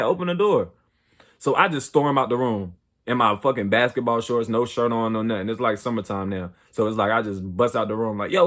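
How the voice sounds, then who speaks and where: Here a young man hosts a storytelling bit about his own life, talking in loose, profane slang and repeatedly asking "you know what I'm saying." Whenever he relives a heated argument, he gets higher and louder.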